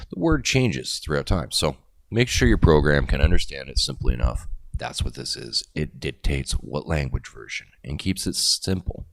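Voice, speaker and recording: Deep gravelly middle-aged man rambling. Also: a bit bright, no room sound. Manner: rambling, jokey asides with chuckles. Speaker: crypto video host. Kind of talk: casual explainer monologue.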